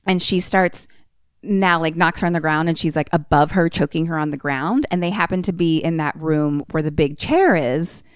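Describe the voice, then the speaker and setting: A woman podcast co-host casually retelling a film plot, animated and swearing often. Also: low-pitched, moderate pace, clear, resonant tone, no room sound, studio quality.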